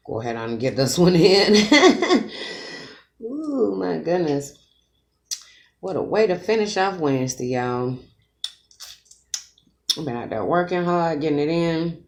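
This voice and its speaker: A woman vlogging while she eats, chatting to her viewers as y'all and humming with pleasure between bites. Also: rumbling low. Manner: chatty, addresses viewers as y'all, savoring hums while eating. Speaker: mukbang vlogger. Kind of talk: casual eating vlog talk to viewers.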